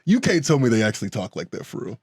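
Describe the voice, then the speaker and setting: A man's voice: medium pitch, sing-song, fast talker, heavy background noise. An American man co-hosting a podcast in casual chat, joking, repeating himself and laughing often. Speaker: podcast co-host.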